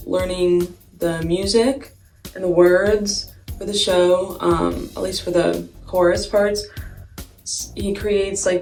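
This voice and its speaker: A young vlogger with a fairly low, darkish voice tells a story while doing her makeup, chatty and giggling, with "like" all over the place. The mic is distant in an echoey room, and music plays faintly behind her.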